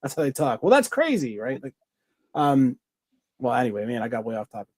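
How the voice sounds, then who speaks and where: A man's voice: mid-range voice, steady tone, a little fast, a little mellow, no echo. A man co-hosting a podcast, chatting casually and enthusiastically in a rambling way, full of fillers and restarts. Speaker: podcast co-host. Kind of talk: casual review chat.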